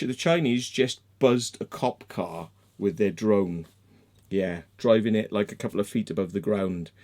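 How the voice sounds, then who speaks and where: British bloke ranting on his livestream, swears a lot, voice jumps all over. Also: mid-range voice. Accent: British English. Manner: sweary, excitable storyteller, acts out voices. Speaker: livestream host. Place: home room with fan and dog.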